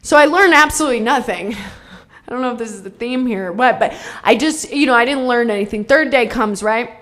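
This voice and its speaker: A woman's voice: fairly high pitch, fairly quick, fairly bright tone. A woman telling her own recovery story in a blunt, darkly funny way, swearing freely. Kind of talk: candid personal testimony.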